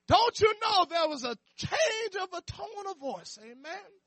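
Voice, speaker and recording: A man preaching a sermon in church, fervent and impassioned, tossing "amen" and questions to the congregation and rising to shouts. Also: very high-pitched, very animated, unhurried, no echo. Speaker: pastor.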